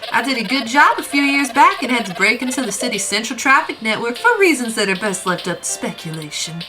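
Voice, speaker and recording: A woman's voice: on the high side, lively intonation, a little fast, natural voice, low-quality recording. A woman voicing a folksy hacker with a put-on, wobbly country drawl and homespun sayings. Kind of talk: voicing game dialogue while playing. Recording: game music behind.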